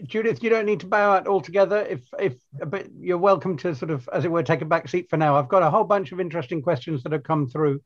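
A man moderating audience questions in a chatty, slightly rushed way. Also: fairly high pitch. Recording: dull lo-fi audio.

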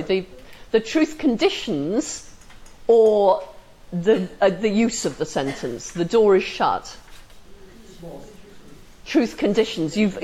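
A woman lectures a class in a medium-pitched voice that rises and falls a great deal, often asking questions and checking whether students follow and agree. She acts out example sentences with dry humor. The recording is low quality, with slight background noise.

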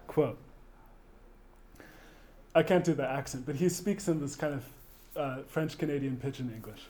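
A man lectures on a novel in a measured, thoughtful way, stopping to restart phrases and reading passages aloud. His voice sits a little high for a man but sounds soft and mellow rather than bright. He talks like a teacher explaining ideas to a class. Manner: thoughtful, with fillers and restarts between quoted passages.

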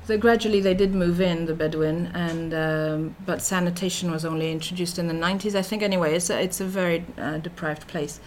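A middle-aged woman delivers an academic lecture in a somewhat low voice, thinking aloud with many fillers and restarts. A faint noise sits behind her voice. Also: steady tone, fairly quick, hardly any pauses. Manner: thoughtful, with frequent fillers and restarts. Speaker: researcher giving a talk.

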